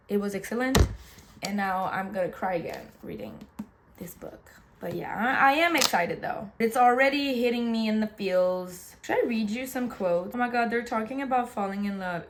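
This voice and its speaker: A young booktuber chats casually at a slightly fast pace in a mid-range voice, rambling and gushing emotionally about books and a film. Faint background noise can be heard.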